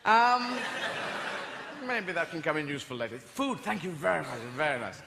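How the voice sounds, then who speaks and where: A man's voice: on the high side, sing-song, normal speed, gravelly. A man voicing a smug, brusque male settler who is prim and falsely polite, with long hall reverb and audience noise.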